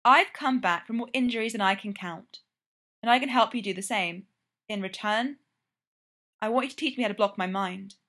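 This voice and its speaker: A cool female spy who speaks calmly and bluntly in short, clipped orders, as a woman reads her. The voice sits at a middle pitch and stays unhurried and firm, like a figure in a read-aloud story. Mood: cool, commanding.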